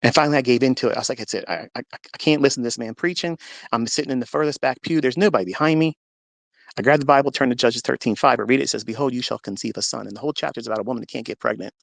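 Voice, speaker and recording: A host earnestly recounts a personal story in a live audio room, acting out what people said with mounting intensity. His voice is medium-pitched, very fast and gravelly, with no room sound.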